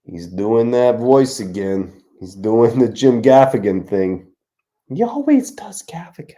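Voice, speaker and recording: Man doing a hushed judging inner-voice aside, slow, soft, mellow. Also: mid-range voice, big pitch swings. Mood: mocking. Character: impression of a comedian's whispered inner voice.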